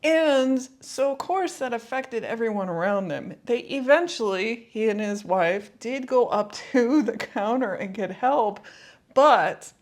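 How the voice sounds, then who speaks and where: A woman's voice: fairly high pitch, expressive, unhurried. A woman life coach talking to camera in a casual, reflective vlog, telling a personal story in a conversational way with lots of "like" and "you know".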